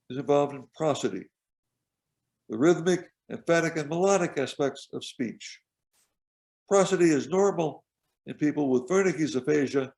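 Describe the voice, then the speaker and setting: A man with a gravelly, slightly creaky voice talks through a lecture over a video call. His delivery is measured and explanatory, with pauses as he points out details on slides. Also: on the high side, a little mellow. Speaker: professor giving a lecture.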